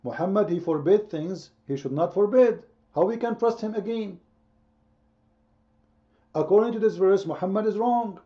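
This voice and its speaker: A high-pitched yet dark-toned man hosts a heated online debate. He hammers his points through repetition and keeps quizzing the listeners. The sound is dull and lo-fi, like a voice-chat stream. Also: normal speed, pauses often. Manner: emphatic, repetitive, quizzing the audience. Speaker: debate host.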